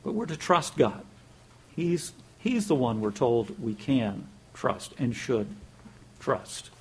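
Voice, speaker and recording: A man's voice: mid-range voice, sing-song, slow, slightly rough. A man preaching a sermon in a conversational way, telling a joke, chuckling and repeating words as he goes.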